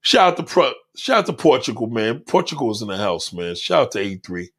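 Animated, profane male streamer ranting. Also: mid-range voice, fairly quick, breathy edge. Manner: loud, animated, heckling and mocking. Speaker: livestream host. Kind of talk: profane live-chat rant.

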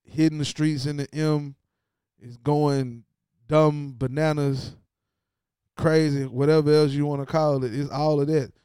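A man's voice: a little high, little pitch movement, a little slow, warm tone, smooth, no echo, studio quality. A man hosting his own podcast, talking in a casual, slangy way and repeating lines for emphasis. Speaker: podcast host. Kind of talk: casual solo podcast monologue.

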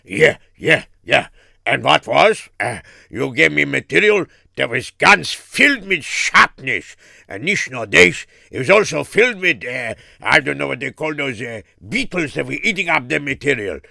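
A man's voice: medium pitch, very animated, normal speed, gravelly, pushed and bright, no room sound, clean studio sound, full character voice. A man voicing an indignant male customer who was cheated and scolds the seller. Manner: scolding, dismissive.

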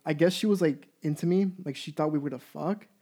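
A young man in his twenties with a voice pitched a touch high tells a story casually. He is blunt and profane, and he talks in an animated, offhand way. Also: fast. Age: 20s. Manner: candid, profane, animated anecdote.

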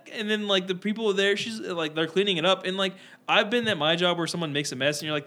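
A man co-hosting a podcast, telling rambling stories in casual chat and mimicking the people in them. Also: a little high. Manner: rambling, animated storytelling with mimicked voices. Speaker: podcast co-host.

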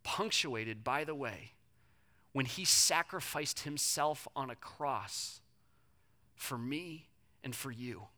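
A preacher gives a sermon in a bright, forward voice, talking straight to the listeners. The delivery is dramatic, rising to loud emphasis and then dropping soft and slow. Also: mid-range voice, lively intonation. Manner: addresses listeners directly.

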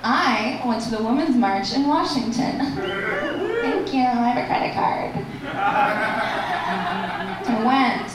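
A woman performing a stand-up comedy set and hosting the show, animated and shouting her punchlines in high bursts. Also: takes it slowly, long pauses, far from the mic, very noisy. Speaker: stand-up comic and festival host. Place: comedy club stage. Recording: echoey room picked up from afar.

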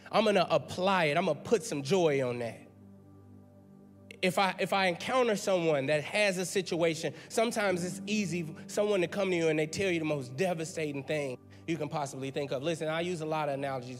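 Emphatic preacher man, hall reverb. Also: a little high. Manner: emphatic, conversational preaching with repeated words. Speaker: pastor. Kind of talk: sermon. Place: church sanctuary.

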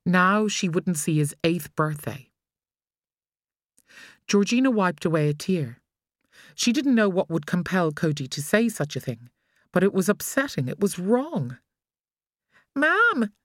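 A woman with an Irish accent reading a thriller audiobook in a measured, expressive way. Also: sits low, dry recording, studio quality. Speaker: audiobook narrator. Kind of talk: scripted narration.

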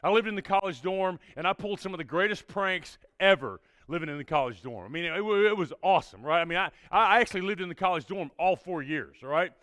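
Man, preacher, youth group storytelling, energetic, high voice, dry close sound. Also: quick pace, hardly any pauses, no room sound. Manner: energetic, tags lines with "all right?".

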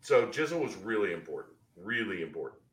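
A man's voice: fairly low pitch, big pitch swings, brisk. A man co-hosting a casual sports podcast, explaining his points with confidence. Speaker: podcast co-host.

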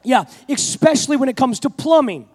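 A pastor preaching a sermon, telling a self-mocking story before building to fervent preaching. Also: male voice, extremely high pitch, expressive, brisk, darkish tone, big-room sound.

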